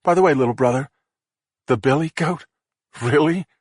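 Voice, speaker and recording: Brief: man reading as a tough older-sister detective, exasperated, higher and husky, dry read. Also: normal speed, no echo, lightly acted. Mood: teasing. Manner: exasperated, blunt. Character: sharp-tongued female detective, older sister. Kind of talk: audiobook character voice.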